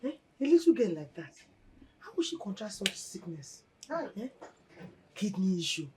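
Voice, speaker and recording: An actress playing a blunt, teasing older mother figure with a Nigerian accent, scolding loudly in a film drama. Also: medium pitch, big pitch swings, normal speed, crowd noise, close to an everyday voice.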